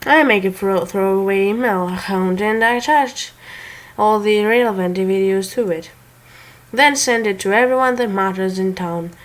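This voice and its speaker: A woman's voice: medium pitch, moderate pace, rough recording. A woman casually reading a revenge story aloud, often stumbling and correcting herself and breaking off for joking asides.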